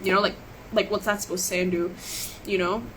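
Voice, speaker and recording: A woman's voice: mid-range voice, flat delivery, quick pace, a bit bright, slight background noise, low-quality recording. An upset, emotional woman recounting events on a live stream, rambling and restarting her sentences. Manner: rambling, repeats and restarts herself. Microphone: webcam or phone on a live stream.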